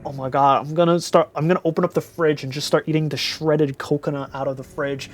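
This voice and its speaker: A man's voice: a little high, level tone, a little fast, hardly any pauses. A tired young man streaming live, chatting casually with viewers in a rambling, giggly way and playfully repeating words.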